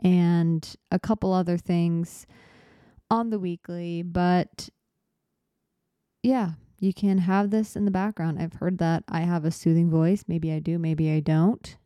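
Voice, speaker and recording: Young woman, podcast host, mellow voice, slightly low, slightly breathless, chatty, self-deprecating. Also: fairly even intonation, takes it slowly, smooth, dry recording, highs cut off. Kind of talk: laid-back solo podcast chat.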